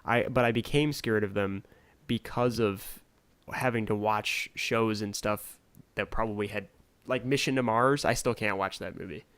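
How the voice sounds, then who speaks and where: A young man co-hosting a casual podcast, laid-back and wry, often trailing off quietly. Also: lowish voice, fairly even intonation, moderate pace, clear, resonant tone. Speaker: podcast co-host. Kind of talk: casual chat.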